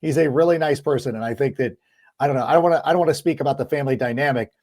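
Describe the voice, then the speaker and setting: A man hosting a sports podcast in casual chat, talking in an animated, quick way. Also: mid-range voice. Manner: animated, quick, acts out quoted lines. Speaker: podcast host.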